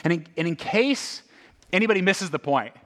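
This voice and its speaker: A man's voice: sits high, normal speed. A man preaching a sermon in a conversational way, asking his listeners many rhetorical questions. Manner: conversational, animated, many rhetorical "right?" asides. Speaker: pastor.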